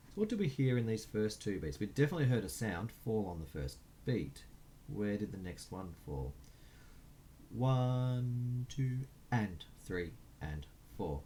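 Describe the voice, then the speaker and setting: A man's voice: on the low side, sing-song, brisk, hardly any pauses, warm tone, slight background noise. A man teaching a recorded music lesson, counting beats aloud and chanting rhythm syllables while writing notes.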